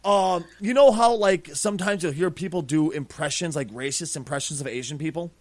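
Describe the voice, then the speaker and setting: The dry recording captures a middle-aged podcast host talking a little fast in a somewhat high voice. He casually recounts a profane story, animated throughout and performing other people's lines.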